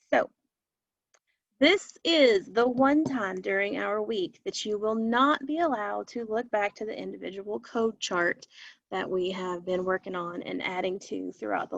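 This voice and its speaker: A woman's voice: mid-range voice, gravelly, muffled recording. A woman teacher leading a recorded phonics lesson for children, patiently repeating each word for them to echo.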